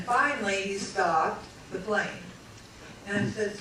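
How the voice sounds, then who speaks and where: A middle-aged woman from California telling her own story to an audience, animated, acting out the voices of the people she quotes and laughing along the way. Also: mid-range voice, measured pace, a crowd in the background. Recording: echoey hall, mic from a distance.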